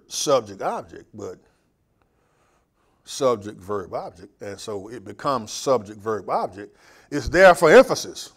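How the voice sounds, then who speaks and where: A man preaching a sermon as pastor, slow and emphatic, swinging from loud to quiet. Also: mid-range voice.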